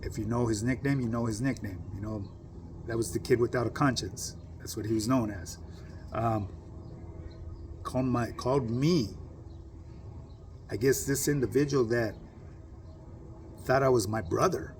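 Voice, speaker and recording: Gravelly middle-aged man. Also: medium pitch, moderate pace, long pauses, a little mellow, slight background noise. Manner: streetwise slang, keeps asking "you know what I mean". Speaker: vlogger telling a personal story. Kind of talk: casual storytelling to camera.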